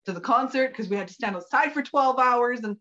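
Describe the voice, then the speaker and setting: A woman guest telling a funny story in casual chat, animated and laughing often. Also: fairly high pitch, brisk, slight background noise. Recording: dull lo-fi audio.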